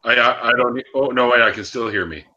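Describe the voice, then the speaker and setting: A man's voice: mid-range voice, fast. A man hosting a livestream, chatting casually over a video call with many "uh" fillers. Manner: relaxed, filler-heavy, hesitant. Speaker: livestream host. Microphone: computer mic on a video call. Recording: dull lo-fi call audio.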